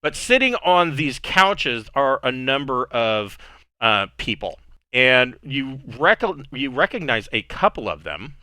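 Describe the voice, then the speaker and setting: A man narrating a tabletop game as game master, in a relaxed, rambling way with many fillers. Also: mid-range voice, takes it slowly, smooth, no room sound.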